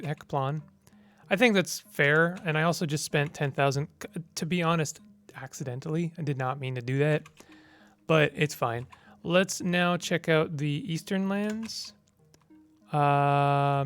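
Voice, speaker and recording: A man plays a text game and narrates casually, reading the on-screen options aloud in a clear, slightly high voice. He mumbles through menu choices. Faint music plays behind him. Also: fairly bright tone. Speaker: gamer. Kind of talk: casual gameplay commentary.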